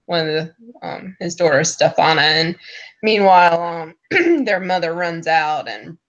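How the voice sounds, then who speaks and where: A woman's voice: lowish voice, lively intonation, measured pace. A woman narrating a tabletop game as game master in a laid-back way, with lots of fillers. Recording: dull lo-fi recording.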